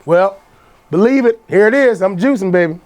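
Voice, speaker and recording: A man with a high, animated voice talks at a moderate pace to the camera while making fresh juice, chatting casually with viewers as he works. This vlogger's kitchen demonstration is partly drowned by loud juicer noise.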